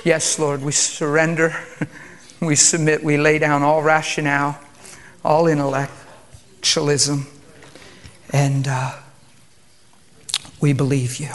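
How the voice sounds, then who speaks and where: A male preacher, subdued, calm and quiet, moving between prayer and a reverent sermon. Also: on the high side, slow pace, pauses often.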